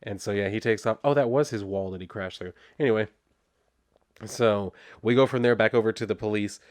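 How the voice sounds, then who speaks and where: A man chatting his way through a comic book review, rambling and laughing often, with lots of fillers. His voice sits fairly low and sounds dry and close to the mic. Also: brisk, no echo. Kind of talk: casual review vlog.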